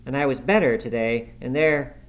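A man's voice: mid-range voice, normal speed, voice pushed up, lightly acted. A man voicing a sickly, spiteful boy who whines, taunts and whimpers in a raised voice. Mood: whimpering.

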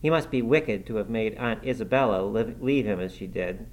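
A man's voice: on the low side, moderate pace, lightly acted. A man voicing a proud, headstrong young girl who speaks earnestly and pertly. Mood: indignant. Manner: earnest, pert.

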